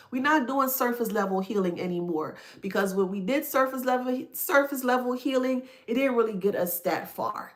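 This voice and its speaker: A woman with a medium-pitched, fairly bright voice gives a motivational spiritual self-help talk to the camera for her viewers. She speaks emphatically and preachily, repeating points and checking in with "that makes sense?".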